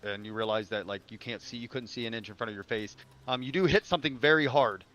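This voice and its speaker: A man's voice: mid-range voice, fast, fairly bright tone. A man narrating as game master of a tabletop game, talking loosely with many fillers and restarts.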